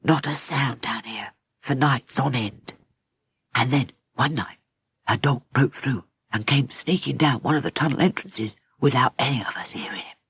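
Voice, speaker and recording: A woman's voice: rumbling low, normal speed, breathy edge, dry recording, exaggerated voice. A woman voicing an old, weary male mole rat guard who tells his tale in a heavy, sad way. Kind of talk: audiobook character reading.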